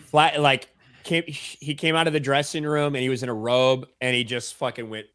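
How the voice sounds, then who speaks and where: A man's voice: medium pitch, little pitch movement, normal speed, fairly bright tone, clear, resonant tone. A man in a casual podcast chat on a video call, talking in a sarcastic, profane way. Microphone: webcam mic on a video call.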